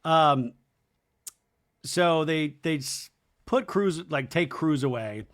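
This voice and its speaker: A man's voice: on the high side, takes it slowly. Chatty man hosting a recap podcast. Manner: chatty and animated, lots of "like" and asides. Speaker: podcast host. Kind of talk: casual reality-show recap.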